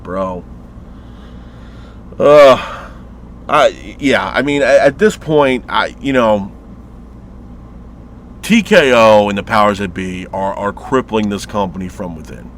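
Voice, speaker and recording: A man's voice: medium pitch, a little hiss or hum. Profane, exasperated man ranting on a review vlog. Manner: rhetorical questions and repeated complaints. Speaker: wrestling show reviewer.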